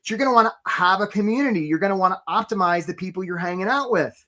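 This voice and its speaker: Man, career coach, live webinar host, animated, casual, acts out quotes. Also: sits high, racing. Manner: animated, acts out quoted voices, greets attendees by name. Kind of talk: energetic live webinar talk.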